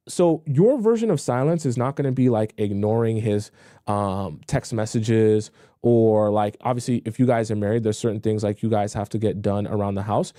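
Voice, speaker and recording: A man's voice: mid-range voice, mellow, no room sound, clean studio sound. A young man hosting a live-stream dating advice show, reading viewer questions and answering them bluntly in a casual, repetitive way. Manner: blunt, repetitive, conversational, acts out pleading voices mockingly.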